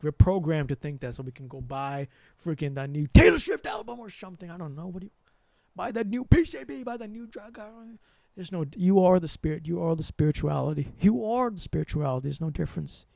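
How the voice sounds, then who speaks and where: Young male host, high gravelly voice, rambling and animated about spirituality, dry close mic. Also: fast talker, no echo.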